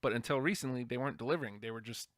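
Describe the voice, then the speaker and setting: A man co-hosting a wrestling podcast, chatting casually with enthusiastic, quick asides. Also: mid-range voice, fairly bright tone, no room sound, clean studio sound. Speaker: podcast co-host. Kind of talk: casual chat.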